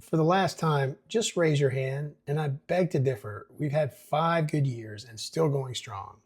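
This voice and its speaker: A man's voice: a little high, measured pace, slightly rough, pitched above the performer's own voice. A man reading the lines of an exasperated small-town mayor, pleading with a rowdy town meeting.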